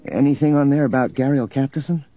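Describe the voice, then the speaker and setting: A man voicing a tired young male hero in an audiobook, quiet and weary. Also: medium pitch, fairly even intonation, fast, muffled recording, pitched above the performer's own voice, lightly acted.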